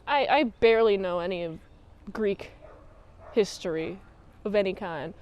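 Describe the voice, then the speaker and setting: A woman's voice: medium pitch, measured pace, highs cut off. A woman reviewer giving a casual, rambling, playful episode recap. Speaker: show reviewer.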